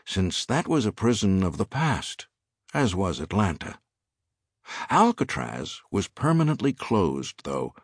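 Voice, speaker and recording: A man narrating an audiobook in a measured, expressive reading style. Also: sits low, slightly rough, no room sound, clean studio sound. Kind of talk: scripted narration.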